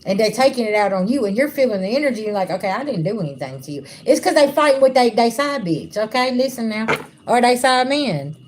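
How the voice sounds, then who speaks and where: A woman's voice: fairly high pitch, expressive, fairly quick, a little mellow. A woman doing a livestream spiritual reading, talking bluntly and casually to her viewers. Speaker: spiritual reader. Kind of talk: livestream tarot-style reading.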